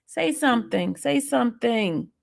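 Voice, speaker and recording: A woman's voice: fairly high pitch, expressive, a little slow, vocal fry. A tearful woman hosting a live stream, pleading with listeners to come up and talk. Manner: pleading, urging listeners to join. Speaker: livestream host.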